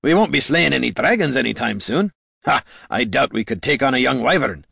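A man voicing a gruff, stubbornly hopeful veteran dwarf warrior who talks in eager shouts. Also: mid-range voice, brisk, dry recording, studio quality, voice pushed up, heavily acted. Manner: shouting, excited, burly.

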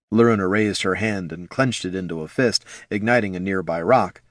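A man narrating a fantasy audiobook in an expressive storytelling manner. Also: low voice, moderate pace, few pauses, dry recording, studio quality.

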